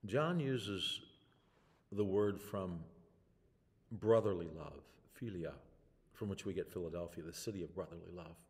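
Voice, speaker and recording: An older man preaching a sermon in a slow, dramatic way, with long pauses and swings between loud and hushed. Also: low-pitched, long reverb tail. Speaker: pastor. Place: church sanctuary.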